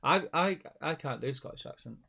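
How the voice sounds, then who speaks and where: A man's voice: on the high side, animated, fairly quick, gravelly, pushed and bright. A man, co-hosting a casual live stream. He rambles, restarts his sentences and laughs often. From Manchester, England. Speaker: co-host of a tabletop wargaming stream.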